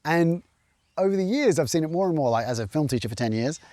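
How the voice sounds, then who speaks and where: An Australian man, a filmmaker and film teacher, talking casually to camera, thinking out loud and often correcting himself mid-sentence. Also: a little high, lively intonation, quick pace, no echo. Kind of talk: casual vlog talk.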